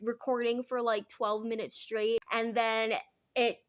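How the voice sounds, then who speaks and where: A woman's voice: a little high, flat delivery, a little slow. A young woman talking casually to her viewers in a vlog, chatty and self-deprecating. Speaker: vlogger.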